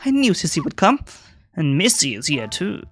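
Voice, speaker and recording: A man's voice: fairly high pitch, wildly swooping pitch, normal speed, a bit bright, heavily acted. A man voicing a young girl character from the game, reading her lines in a raised voice. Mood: sweet.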